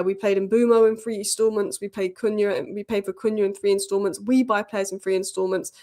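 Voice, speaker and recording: A woman hosting a football news channel, giving casual, opinionated commentary with quick asides. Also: medium pitch, a little mellow.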